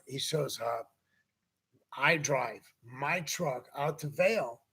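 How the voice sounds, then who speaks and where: A man's voice: medium pitch, drawn-out words, pushed and bright, breathy edge. A man hosting a casual talk show, telling a long anecdote and acting out the people in it. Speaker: podcast host. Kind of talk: casual storytelling chat.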